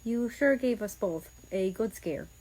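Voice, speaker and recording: A woman reading aloud, voicing a gentle, protective young man who hushes and reassures his partner in a soft voice. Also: medium pitch, expressive, a little slow, poor audio. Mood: soothing. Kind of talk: fan fiction audiobook reading.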